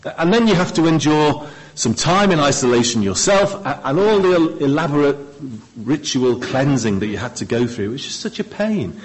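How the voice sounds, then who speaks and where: A man delivering a sermon in a husky, slightly raised voice. His pitch swings widely as he leans into phrases, pausing for effect and letting key words sink low and quiet. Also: poor audio. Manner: expressive, dramatic pauses, trailing off low on key words. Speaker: preacher.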